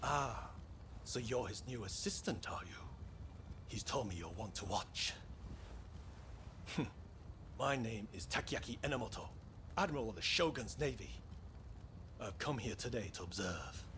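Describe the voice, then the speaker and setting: A man's voice: mid-range voice, lively intonation, measured pace, pauses often. An actor playing a formal, self-assured male naval admiral in a video game. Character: dignified male naval admiral, middle-aged. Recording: quiet distant game audio with noise.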